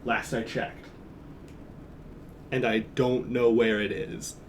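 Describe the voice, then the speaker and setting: A man's voice: mid-range voice, level tone, takes it slowly, slight background noise. A man streaming from home, chatting casually in a rambling, jokey way and chuckling often. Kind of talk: casual live-stream chat.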